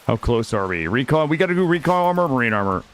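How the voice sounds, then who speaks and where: A man streaming a game live, talking casually to his chat in an excitable, slangy way and swearing freely. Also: medium pitch, fast.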